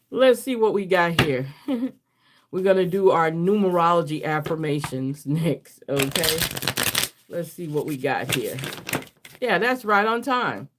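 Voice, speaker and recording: A woman's voice: mid-range voice, slight background noise. A woman hosting a live card reading, laughing often, reading affirmations aloud and answering herself with repeated yeses. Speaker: card reader.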